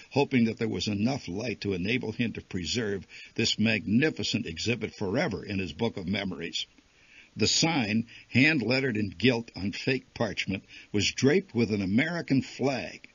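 A man reading a humorous short story aloud in a wry, lively storytelling manner. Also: fairly low pitch, breathy edge, no room sound. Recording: dull lo-fi archival recording.

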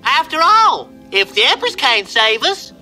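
A squeaky tiny snail rider. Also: male voice, sing-song, unhurried, bright, forceful tone, soft background music, heavily acted, rough recording. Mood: eager. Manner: squeaky and helium-high. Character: tiny excitable male traveler riding a snail. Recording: film clip with score behind.

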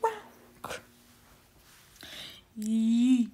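Casual gaming host: woman, high and lively, talks slowly, curses often, loud background music. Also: heavy background noise. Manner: chatty, swears a lot, coos at her cat. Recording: game music loud behind voice.

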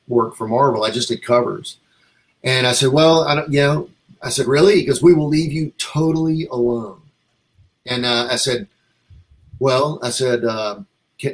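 A comic artist guest tells a long, rambling story in a casual interview, animatedly acting out what other people said to him. His voice is medium in pitch, and the audio is poor.

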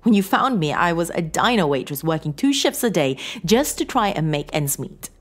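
A woman's voice: on the low side, very animated, moderate pace, pitched above the performer's own voice. A woman voicing a tearful, pleading wife in a horror story, emotional and shaky. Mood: pleading, hurt. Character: tearful, pleading woman facing her divorce.

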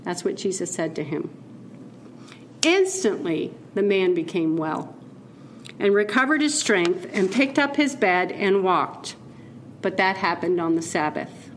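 A woman giving a keynote talk as a conversational sermon, playful and animated and laughing at her own asides. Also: medium pitch, unhurried, slight background noise. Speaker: keynote speaker.

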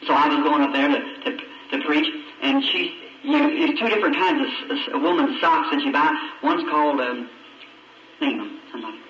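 Folksy preacher on an old hall tape. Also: male voice, on the high side, expressive, fairly quick, fairly bright tone. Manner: folksy, emotional storytelling with plain country grammar. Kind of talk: storytelling sermon. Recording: old roomy lo-fi sermon tape, distant mic.

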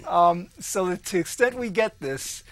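A man's voice: high voice, expressive, normal speed, fairly bright tone. A man co-hosting a casual discussion show, explaining his ideas in a rambling way with frequent laughs. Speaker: co-host.

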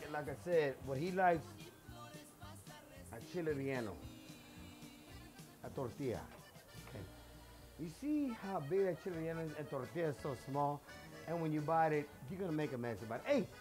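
A man's voice: fairly high pitch, a little mellow. A middle-aged man, hosting a casual home cooking show in his kitchen, chatty and boastful, dropping phrases as he goes.

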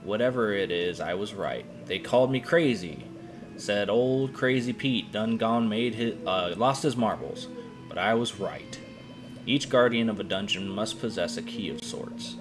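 A man's voice: fairly low pitch, a little slow, music in the background, lightly acted. A man reading as a dying old adventurer. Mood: grave.

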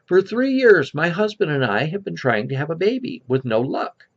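A man voicing a chatty pregnant woman at a bar in a high, sing-song falsetto, with a gravelly edge, on a lo-fi recording. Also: big pitch swings, normal speed. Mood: delighted. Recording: lo-fi dull recording.

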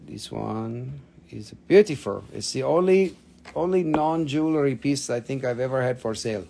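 Man, live mineral sales stream, casual, jokey, curses a lot, average pitch. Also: moderate pace, vocal fry, warm tone, a little hiss or hum. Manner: joking, blunt, swears freely, non-native phrasing.

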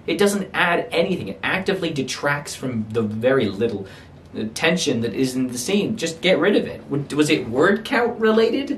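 Man, casual book reviewer, rants with swooping pitch and disbelieving questions; roomy sound, faint ambience. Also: normal speed, a little hiss or hum. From London, England. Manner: animated ranting, incredulous rhetorical questions. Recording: roomy echo, mic at a distance, faint ambience.

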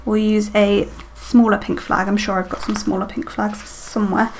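Chatty woman thinking aloud with a gravelly edge. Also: medium pitch, level tone, normal speed, slight background noise. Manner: chatty, self-talking while decorating, many ums. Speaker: planner vlogger. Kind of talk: casual plan-with-me chat.

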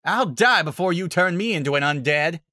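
Guy doing a gutsy paladin lady hollering back, a bit higher than his normal. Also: expressive, moderate pace. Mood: defiant. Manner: shouting defiance. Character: defiant stubborn young female paladin.

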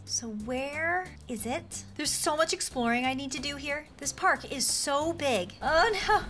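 A young woman hosting a gaming and craft channel, gushing with excitement and gasping as she talks to her viewers. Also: high-pitched. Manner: excited, gushing, squeals and gasps. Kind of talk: bubbly game commentary and craft tutorial.

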